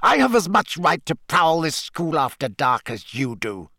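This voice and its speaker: A man's voice: on the high side, very animated, measured pace, no echo, studio quality, pitched above the performer's own voice, exaggerated voice. A man doing a cold, hissing schoolmaster. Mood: dangerous. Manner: cold, hissing, soft and dangerous. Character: cold, sneering male potions teacher.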